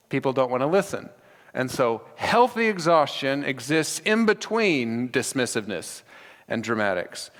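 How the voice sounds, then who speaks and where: A man preaching a sermon as pastor, animated and acting out the scripture with dramatic voices. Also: medium pitch. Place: church sanctuary. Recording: long church reverb.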